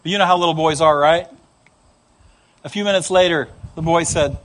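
A man preaching a sermon, telling stories in a conversational, animated way. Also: a little high, brisk, pauses often. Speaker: pastor.

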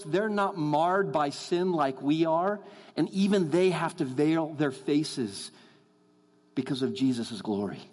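A man delivers an earnest sermon in a church, his voice set a little high and ringing through a long hall reverb. He speaks to the congregation as folks and slows down to drive his points home. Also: a little mellow. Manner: earnest, addresses the crowd as folks, slows down for emphasis. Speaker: guest preacher. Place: church sanctuary.

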